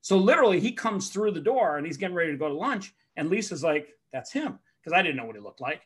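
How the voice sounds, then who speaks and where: A man with a high, bright voice spins a rowdy personal story in casual conversation. He swears easily, laughs at his own tale, and throws himself into the other people's lines, sometimes shouting them. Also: animated, fast talker, breathy edge. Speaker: podcast host telling a story.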